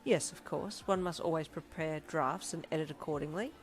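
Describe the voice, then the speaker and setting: A woman plays an earnest young man in a fanfiction audiobook, rigidly formal and careful with every word. The voice sits low and mellow, and it is delivered plainly. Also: moderate pace, soft background music, natural voice. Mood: earnest, dejected. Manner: formal, precise phrasing without contractions.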